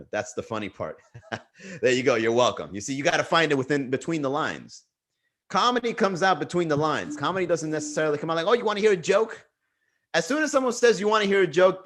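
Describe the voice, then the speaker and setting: Animated young man riffing comedy. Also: a little high. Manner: animated, swearing, laughs at his own jokes. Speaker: comedian hosting a livestream. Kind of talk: casual stand-up riffing to a chat. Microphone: webcam livestream.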